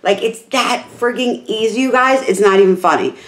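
A woman's voice: medium pitch, moderate pace, roomy sound. A woman who is losing her voice gives a casual, rambling hair tutorial, peppered with "like" and "literally". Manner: chatty, rambling, full of "like" and "literally". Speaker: beauty vlogger.

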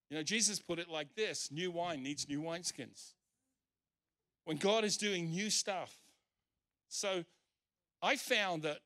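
A male pastor preaches emphatically during a church service, acting out the scripture quotes he reads in his sermon. His voice is on the high side with a fairly bright tone.

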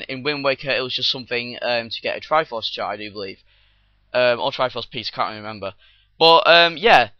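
Excitable rambling young-sounding game commentator. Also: male voice, fairly high pitch, no room sound. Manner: rambling and excitable, with many fillers and sudden outbursts. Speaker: let's play host. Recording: dull lo-fi recording.

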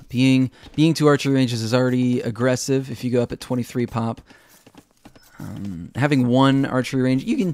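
In a mid-range voice with a darkish tone, a young man offers chatty, casual commentary on a strategy game as a caster. He's self-mocking and laughs at his own jokes.

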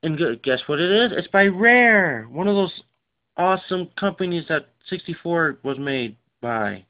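A tired man talks casually, full of fillers and rushed asides, in a smooth, resonant voice. The recording sounds dull and lo-fi. His delivery is loose and unscripted, as if he is showing things off as he goes. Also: a little high, animated. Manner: rambling, filler-heavy, rushed. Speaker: game collection vlogger. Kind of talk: casual unscripted show-and-tell.

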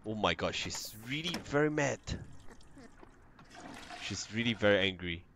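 A man's voice: lowish voice, lively intonation, a little slow, sharp tone, a little hiss or hum. A man hosting a let's play, chatting playfully through casual gameplay commentary and talking to his game characters.

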